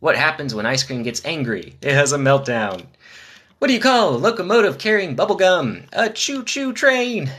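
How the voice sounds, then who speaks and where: A man on a casual live stream, reading dad jokes in quick succession and chatting with viewers between them. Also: fairly high pitch, very animated, a bit bright. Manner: rapid-fire jokes with chatty asides to viewers.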